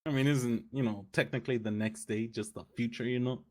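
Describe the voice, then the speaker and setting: A man's voice: medium pitch, steady tone, a little fast. Man, jokey role-play player, easy laughter, casual delivery. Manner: joking, laughs often.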